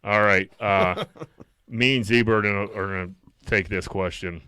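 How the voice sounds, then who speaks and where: A man's voice: lowish voice, unhurried, clean tone, no echo. A man co-hosting a podcast in casual crude chat, swearing often and laughing through his stories. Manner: swears a lot, animated, laughs while telling stories. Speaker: podcast co-host.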